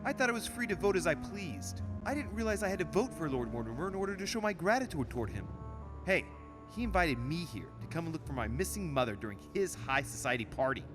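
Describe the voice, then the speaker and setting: A man's voice: fairly high pitch, very animated, quick pace, music in the background. An actor playing a cool, dry-witted young nobleman who speaks in an understated, ironic way. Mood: sarcastic. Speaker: player character in a story game.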